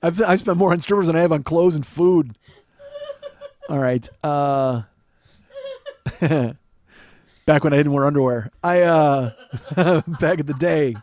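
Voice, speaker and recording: A man in his forties talks his way through a comic story in a loose, rambling style, full of profanity and self-mocking asides. His voice sits a touch high for a man, and the recording is close and dry, with no room sound. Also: unhurried, pauses often, darkish tone, no room sound. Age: 40s. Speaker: podcast host. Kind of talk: comedic storytelling monologue.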